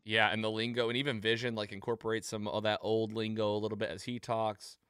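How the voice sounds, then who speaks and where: A man with a low, clean voice talks fast while hosting a casual podcast recap, animatedly acting out quoted lines. The recording is dry and studio quality.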